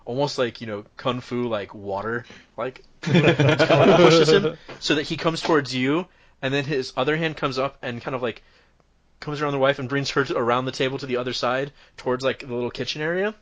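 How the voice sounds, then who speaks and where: A man running a tabletop game. His voice sits at an ordinary pitch, and he narrates in a loose, rambling way. He keeps the scene rolling as he improvises. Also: fairly quick. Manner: rambling, full of fillers and restarts. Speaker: game master.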